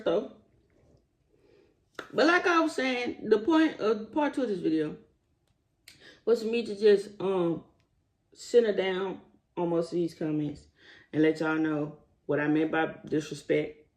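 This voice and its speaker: Animated man ranting straight to viewers. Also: high voice, unhurried, long pauses. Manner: animated, rising to indignant emphasis; talks straight to viewers as y'all. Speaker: commentary vlogger. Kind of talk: casual opinion vlog.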